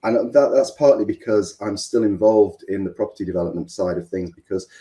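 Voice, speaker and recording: Deep-voiced hesitant Mancunian man. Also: brisk, warm tone. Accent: Mancunian English. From England. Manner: rambling, hesitant, many ums and restarts. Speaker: business coach, guest. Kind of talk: interview conversation.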